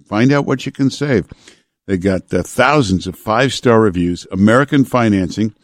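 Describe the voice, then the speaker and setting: A male radio talk show host chatting casually and reading ads live in a studio, unhurried and full of filler uhs. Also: on the low side, no room sound.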